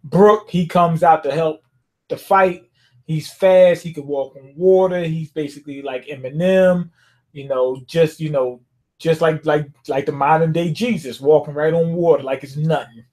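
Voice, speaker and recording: A man with a fairly high voice recaps a manga chapter in an easygoing, rambling way. His talk is loose and full of slang, and he keeps drifting into bits of the characters' dialogue. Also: fairly even intonation, normal speed, darkish tone. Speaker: manga reviewer.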